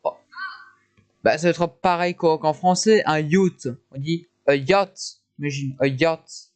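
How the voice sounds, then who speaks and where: A woman with a French accent, chatting casually on a live stream, with relaxed, quick asides as she tries out English words. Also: low-pitched, no echo, soft background music.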